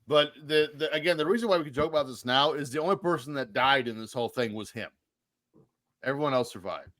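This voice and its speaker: A man's voice: mid-range voice, fast, a bit bright, no echo, clean studio sound. A man co-hosting a podcast in casual chat, arguing his point and swearing freely. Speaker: podcast co-host.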